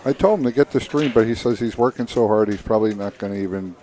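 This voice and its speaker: A man gives relaxed, analytical color commentary on a pool match. His voice is very low and dark, with a mellow tone. He talks in a measured, unhurried way.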